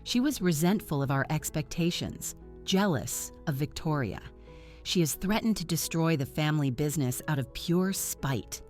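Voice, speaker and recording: A woman's voice: deep voice, expressive, normal speed, darkish tone, faint music behind. A woman voicing a wealthy middle-aged father who bellows and then turns coldly reasonable.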